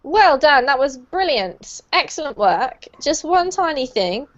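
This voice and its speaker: A woman with a high-sitting, sing-song voice takes her time teaching English pronunciation to an online group class, encouraging and praising her students. The video call audio is muffled and lo-fi.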